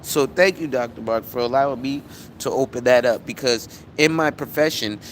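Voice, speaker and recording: A man's voice: mid-range voice, moderate pace, slight background noise. Blunt, profane man on a live stream. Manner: blunt, profane, animated storytelling. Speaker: insurance agent and live-stream host. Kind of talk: casual live-stream talk.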